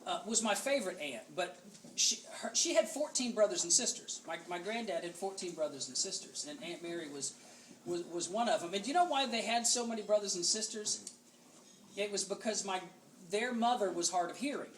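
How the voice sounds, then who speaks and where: Speaking a little fast with lively intonation and a high, fairly bright voice, a keynote speaker jokes about himself and spins folksy yarns at a banquet. There's a little hiss or hum, and the distant, roomy recording picks up the audience laughing.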